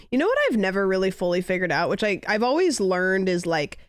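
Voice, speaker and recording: A woman's voice: medium pitch, animated, brisk, few pauses, clear, resonant tone, no echo, clean studio sound. A young woman streamer in casual chat, rambling and musing aloud with lots of "like" fillers.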